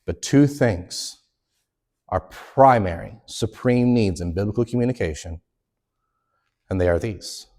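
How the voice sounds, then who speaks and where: A man's voice: lowish voice, measured pace, long pauses, a little mellow. A man teaching a Sunday school lesson in an earnest, conversational way. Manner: earnest, conversational, acts out quoted complaints.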